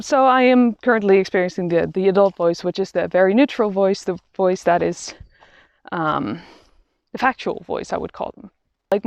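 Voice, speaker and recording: A woman records a reflective vlog on a quiet walk outdoors. She speaks slowly, pausing and restarting as she thinks aloud. The sound is dry but a little dull and lo-fi. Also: lowish voice, vocal fry, no room sound. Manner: slow, halting and thoughtful, with many restarts. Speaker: vlogger.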